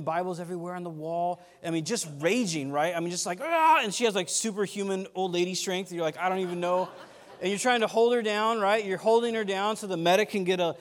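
A man with a fairly high voice preaches a loose, conversational sermon, wandering off on tangents and poking fun at himself. His words ring out with a long reverb, as in a church sanctuary. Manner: rambling, self-deprecating, gets animated telling stories. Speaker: pastor. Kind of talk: casual sermon.

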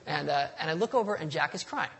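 A man's voice: on the high side, lively intonation, quick pace, creaky, a bit bright. A man preaching a sermon in a conversational, storytelling way, with touches of humor and a passage read aloud.

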